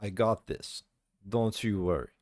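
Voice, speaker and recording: A man's voice: lowish voice, a little slow, a little mellow, close to an everyday voice. Man putting on a mock-Russian cocky captain. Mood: smug. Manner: overconfident, reassuring.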